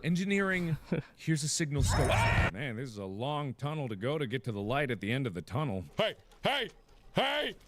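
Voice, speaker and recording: A man's voice: mid-range voice, very animated, moderate pace, background noise. A man commenting on a horror game he is playing, who yelps, screams and cracks jokes as he goes. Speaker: gaming video creator.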